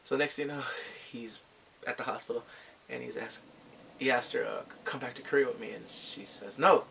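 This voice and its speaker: A man casually retelling a film's plot as a movie reviewer, animated, laughing often and acting out quotes in squeaky voices. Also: a little fast, vocal fry, far from the mic, slight background noise.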